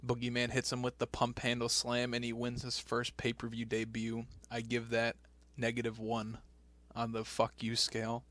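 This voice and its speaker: A man with a bright, crisp tone and a middle-pitched voice, hosting a casual podcast. He swears freely and laughs a lot. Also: monotone, moderate pace. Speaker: podcast host. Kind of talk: casual chat.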